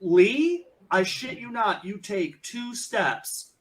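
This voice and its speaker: A man's voice: high voice, animated. A man running a tabletop game as game master, restarting his sentences often. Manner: restarts often, rapid asides.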